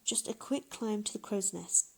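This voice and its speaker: Lady doing bossy pirate captain lady, shouty, kinda breathy. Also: medium pitch, normal speed. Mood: commanding. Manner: barking orders.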